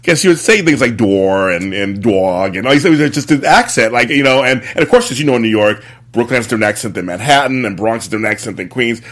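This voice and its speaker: Fast, chatty male interview host. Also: medium pitch, fairly bright tone. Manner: quick, chatty and gushing, laughs often. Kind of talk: casual interview chat.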